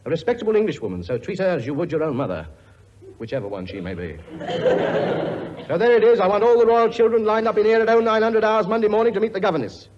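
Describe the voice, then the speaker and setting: A man's voice: sits high, very animated, fast, crowd noise. A blustering, grumbling king. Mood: exasperated. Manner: grumbling, sarcastic, working-class bluster. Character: blustering pompous male king, bossy and weary. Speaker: lead comic actor. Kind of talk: 1950s radio comedy acting. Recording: dull old broadcast recording with audience laughter. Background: studio audience laughing.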